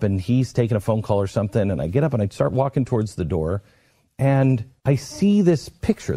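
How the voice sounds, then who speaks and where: A middle-aged man tells a personal story in an earnest, emotional way, his dark, husky voice rising and falling widely. He acts out the voices of the people he quotes, and the dry recording has almost no room sound. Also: medium pitch, dry recording. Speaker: broadcast host telling a personal story. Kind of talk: storytelling monologue.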